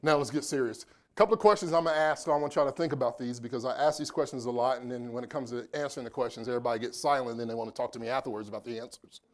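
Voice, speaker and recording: A man's voice: medium pitch, rapid-fire. A man in his forties from Indianapolis, giving a motivational keynote in a conference room, chatty and joking with the audience. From Indianapolis, United States. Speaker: keynote speaker. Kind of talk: live motivational keynote talk.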